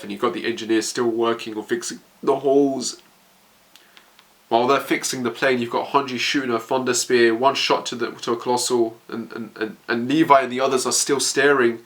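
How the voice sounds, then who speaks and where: Excitable stammering man reacting to manga. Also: mid-range voice. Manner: excitable, stammering, narrates aloud. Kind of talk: emotional reading reaction.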